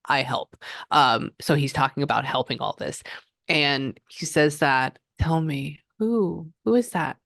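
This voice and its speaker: A woman working as a psychic medium, giving a client a reading and passing on messages in an animated, chatty way. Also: low voice, a little slow, vocal fry, no echo, clean studio sound. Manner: animated, relays messages in quotes, frequent "hold on".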